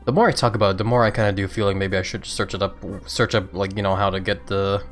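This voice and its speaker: A man's voice: lowish voice, fairly even intonation, quick pace, a bit bright, faint music behind. A man giving casual, chatty commentary while streaming a game, thinking aloud and laughing often, with the hiccups. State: has the hiccups.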